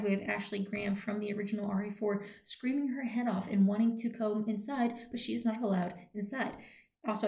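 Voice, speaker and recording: A young woman rambles through a casual vlog in a mellow, fairly flat voice, tossing in 'um' and 'like' and the odd swear. Her voice bounces around a roomy, echoey space. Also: medium pitch. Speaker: vlogger.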